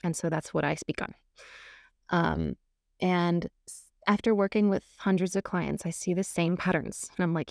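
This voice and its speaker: A woman's voice: fairly low pitch, normal speed, gravelly, darkish tone, dry recording, clean studio sound. A woman relationship coach talking frankly and candidly on a podcast, laughing often as she speaks.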